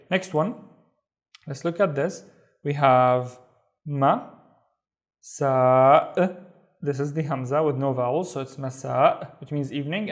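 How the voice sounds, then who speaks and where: Male teacher, fairly high voice, slow syllable-by-syllable repetition, patient. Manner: patient, sounds out syllables slowly and repeats them. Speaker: Arabic teacher. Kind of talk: slow step-by-step reading lesson.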